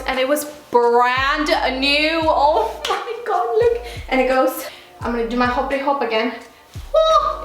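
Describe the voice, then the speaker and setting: A woman's voice: fairly high pitch, a bit bright, slight background noise. A woman hosting a casual try-on vlog at home, playful and chatty, sometimes breaking into song. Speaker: YouTuber. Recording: very echoey room, faint music.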